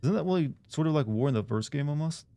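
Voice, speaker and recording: A man's voice: a little high, lively intonation, quick pace, warm tone, faint music behind. A man chatting casually while streaming a game, rambling and answering his chat. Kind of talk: casual let's-play chat.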